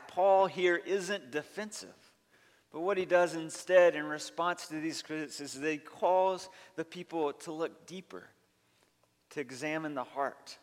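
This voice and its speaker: A male pastor preaching a sermon, earnest and emphatic, stacking up long lists of points. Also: on the high side. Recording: long reverb of a large hall.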